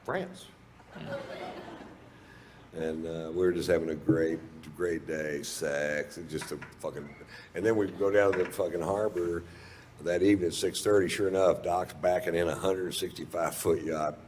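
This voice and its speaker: A man's voice: deep voice, fairly even intonation, moderate pace, darkish tone. A man doing stand-up, telling a long story in a laid-back, profane drawl. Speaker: stand-up comedian. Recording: faint background noise.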